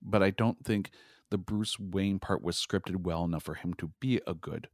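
A man co-hosting a podcast in animated casual chat, often restarting his sentences. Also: deep voice, normal speed, no echo, studio quality. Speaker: podcast co-host.

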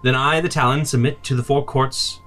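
A man's voice: medium pitch, steady tone, normal speed, a bit bright, faint music behind, pitched above the performer's own voice, close to an everyday voice. A man voicing a stern female goddess who speaks formally and solemnly in a tabletop game. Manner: formal, ceremonial.

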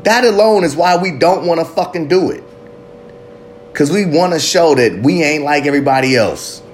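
A man's voice: fairly high pitch, expressive, moderate pace, soft background music. Fiery, profane man preaching recovery. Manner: fiery, swearing, rambling with tangents. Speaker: recovery motivational speaker. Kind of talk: profane motivational monologue.

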